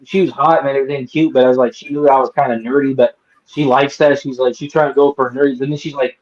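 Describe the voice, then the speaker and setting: A man's voice: medium pitch, fairly even intonation, quick pace. Profane ranting man, dull lo-fi sound. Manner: profane, ranting, mocks people in put-on voices. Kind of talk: casual live-stream chat.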